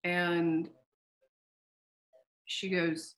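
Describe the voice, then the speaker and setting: Frank, animated woman telling her story. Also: fairly low pitch, moderate pace. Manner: animated storyteller who acts out quoted dialogue; frank, swears casually. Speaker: founder of a sex tech company, podcast guest. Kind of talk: casual interview storytelling.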